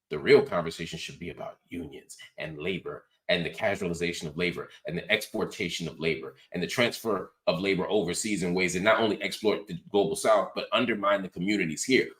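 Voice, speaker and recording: Low-voiced sarcastic male commentator. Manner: animated, sarcastic, mocking asides. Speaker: host. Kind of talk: political commentary show.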